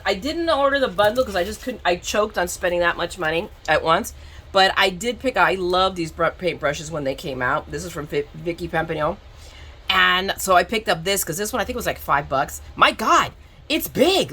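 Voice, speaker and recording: A woman's voice: medium pitch, pushed and bright, husky. A woman from southern Florida chatting casually as she unboxes craft supplies, rambling and self-mocking, with frequent restarts. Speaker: craft vlogger.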